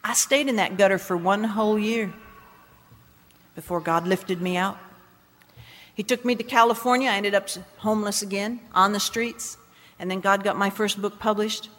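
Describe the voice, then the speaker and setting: A woman's voice: fairly high pitch, brisk. A woman preacher giving a dramatic personal testimony in a sermon, with emphatic, swinging delivery. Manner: dramatic, emphatic storytelling with wide swings in loudness. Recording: long hall reverb.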